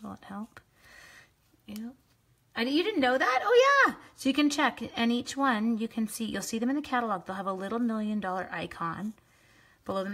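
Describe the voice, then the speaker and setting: A woman's voice: mid-range voice, fairly bright tone, breathy edge. A woman chatting casually with viewers while she makes a card on a live crafting stream, joking at her own mistakes. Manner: chatty, self-deprecating, talks to viewers while working. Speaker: card-making demonstrator.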